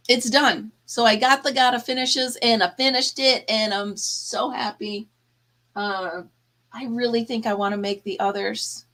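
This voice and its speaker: Bright-voiced chatty woman host. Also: on the high side, steady tone, unhurried. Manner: chatty, laughs often, talks to her audience. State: tired, yawning. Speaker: livestream host. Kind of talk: casual live chat to viewers.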